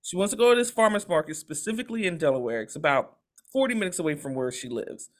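Woman, podcast co-host, lively swooping pitch, profane, storytelling, casual chat. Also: fast talker.

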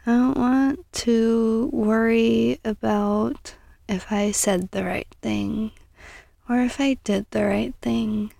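Slow, gravelly-voiced woman podcast host. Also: on the high side, steady tone, no echo. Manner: earnest and encouraging, drifting into soft whispery asides. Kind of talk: casual self-help podcast monologue.

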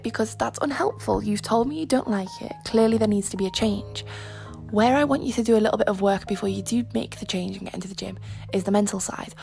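A woman's voice: mid-range voice, vocal fry, a little mellow. A young woman hosting a podcast, talking in a frank, rambling, casual way full of fillers and asides. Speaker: podcast host. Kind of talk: casual chat.

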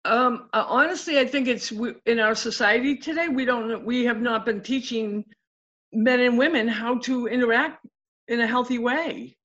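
Woman guest, coaching type, chatty storyteller, higher voice, muffled lo-fi sound. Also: moderate pace. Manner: animated, acts out quotes of clients. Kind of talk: casual storytelling interview.

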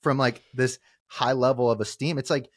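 A man's voice: medium pitch, steady tone, normal speed, dry recording, clean studio sound. A man who is a real estate agent and podcast guest, talking bluntly with frequent profanity in casual chat.

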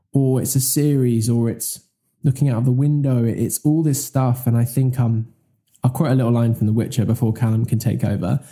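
Mellow and medium-pitched, a male podcast co-host talks in a loose, casual way. He gets enthusiastic, rambles, and keeps fixing his own sentences partway through.

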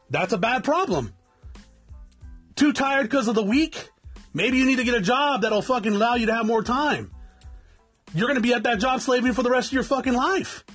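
High, husky man on a swearing rant. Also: a bit bright. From South Tucson, Arizona. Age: 40s. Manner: blunt, swearing constantly, lecturing; addresses viewers as guys. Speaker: vlogger. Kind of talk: profane motivational rant.

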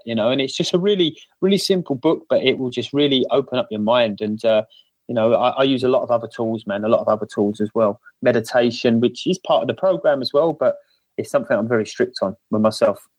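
A middle-aged man with a Cockney Essex accent speaks earnestly, stumbling and repeating words as he goes. His voice sits at an ordinary mid pitch. The sound is close and dry, from a video call at home. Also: darkish tone, no room sound, poor audio. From England. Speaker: panel guest. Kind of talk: casual panel discussion.

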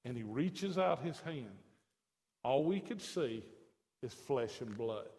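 A man's voice: mid-range voice, lively intonation, slow, a little mellow. A man preaching a sermon as pastor, mixing folksy conversational asides with emphatic declarations, in a church sanctuary. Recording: long hall reverb.

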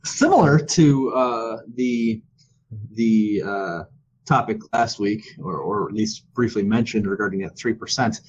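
A man with a fairly low voice jokes his way through a casual co-hosted chat. His audio sounds dull and muffled, with a faint hiss underneath. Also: measured pace. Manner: joking, playful. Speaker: podcast co-host. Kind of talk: casual chat over video call.

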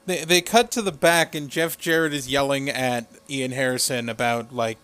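A man's voice: medium pitch, fairly even intonation, moderate pace, a bit bright, clean tone. A man co-hosting a casual wrestling recap, retelling scenes with crude humor and frequent laughs. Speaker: podcast co-host.

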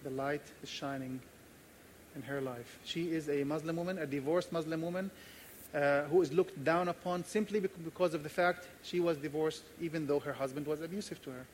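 Man pastor, sermon, earnest, emphatic, repeats phrases, slightly high pitch, faint noise behind. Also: steady tone, brisk. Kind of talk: sermon with personal stories.

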